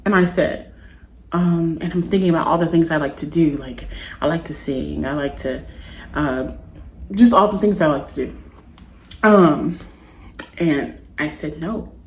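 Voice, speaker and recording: A woman vlogger with a fairly low voice tells a personal story straight to the camera. She talks in an earnest, confiding, meandering way. The sound bounces around an echoey room. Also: a little slow, long pauses.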